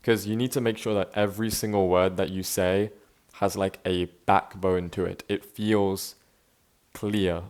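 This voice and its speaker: In this off-the-cuff vlog monologue, a young man muses aloud in a laid-back, self-reflective way, peppering his talk with "bro" and "man." His voice is a bit low, clear and resonant, and his pace is a little slow. He keeps things loose and frequently starts his sentences over.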